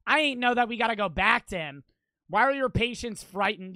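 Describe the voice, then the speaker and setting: A young man streaming a game, talking loud and brash, swearing and joking with chat. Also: high voice, animated, fairly quick. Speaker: gaming streamer. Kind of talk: casual streaming commentary.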